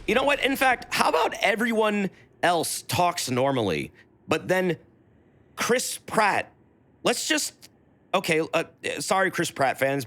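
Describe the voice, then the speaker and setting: A man streaming a video game, chatting casually, swearing freely and yelling at enemies. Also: fairly high pitch. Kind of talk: casual gameplay commentary.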